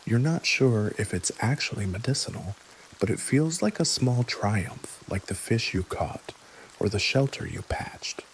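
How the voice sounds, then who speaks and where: A man gently telling a scripted bedtime history story in the second person, with dry little jokes. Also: on the low side, expressive, measured pace, a little hiss or hum, poor audio. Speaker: narrator. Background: soft rain.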